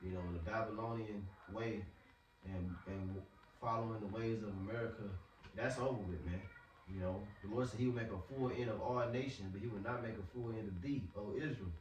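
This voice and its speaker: A man's voice: on the low side, brisk, dull audio, a little hiss or hum. A man preaching in a casual, slangy way, often repeating words as he talks. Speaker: street preacher. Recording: echoey, from far off.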